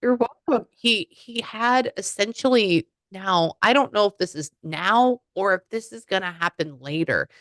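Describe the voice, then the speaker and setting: In a recording with no room sound, a medium with a mid-range voice talks through a reading at an unhurried pace with few pauses. Messages arrive as quoted asides, and she alternates between excited exclamations and soft murmurs.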